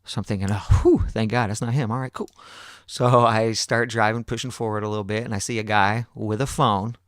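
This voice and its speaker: A man's voice: on the low side, a little fast, no echo, studio quality. A man hosting a podcast, telling a long story casually, swearing a lot and acting out other people's lines. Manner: profane, animated, acts out other people's lines. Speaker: podcast host.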